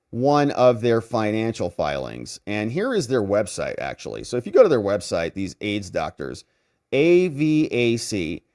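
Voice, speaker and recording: Man, lawyer host, legal commentary, sarcastic, emphatic, lively swinging pitch. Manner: sarcastic, mocking; emphatic, animated delivery.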